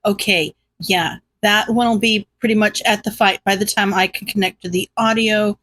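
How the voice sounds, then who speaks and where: A woman's voice: mid-range voice, fairly even intonation, moderate pace, a bit bright, voice pushed down, close to an everyday voice. A woman voicing a shy, flustered teenage boy who hesitates and stammers. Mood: hesitant.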